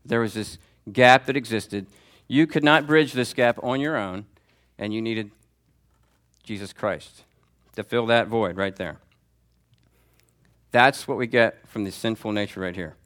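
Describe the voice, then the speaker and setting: A man teaching a Sunday school class, talking conversationally and calling on students by name, with lively swings in pitch for emphasis. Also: a little slow. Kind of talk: teaching sermon. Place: church classroom before a group.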